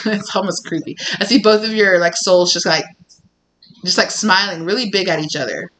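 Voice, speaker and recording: A woman's voice: on the low side, slight background noise, low-quality recording. A woman doing a tarot reading in casual, rambling talk full of fillers, now and then acting out what people say. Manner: rambling, animated, with many fillers and acted-out quotes. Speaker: tarot reader.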